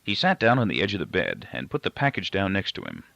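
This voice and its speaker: A man reading a novel aloud in first-person narration, measured and expressive. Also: sits low, gravelly, dry recording. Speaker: audiobook reader. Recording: dull, dry lo-fi recording.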